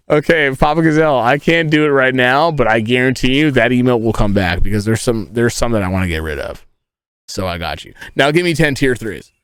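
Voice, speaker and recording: A man's voice: medium pitch, moderate pace, clean tone, no room sound. Young male streamer, crude rambling humor, dry sound. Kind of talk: casual live-stream chat and storytelling. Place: inside a tent.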